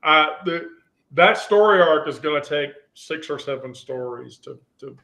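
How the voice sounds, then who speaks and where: A man's voice: fairly high pitch, expressive, unhurried, bright, forceful tone. Rambling man hosting a casual chat. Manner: rambling, restarts a lot. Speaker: host.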